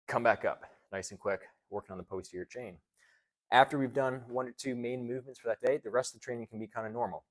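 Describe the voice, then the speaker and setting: A man's voice: mid-range voice, fairly even intonation, fast. A man, a chiropractor and trainer, explaining strength exercises as he demonstrates them and counts through the holds.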